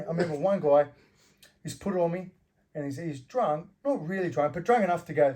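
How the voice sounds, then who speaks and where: A middle-aged Australian former fighter and bouncer talks fast in a mellow, fairly high voice. As an interview guest, he recounts door stories casually, swearing freely and playing out the arguments.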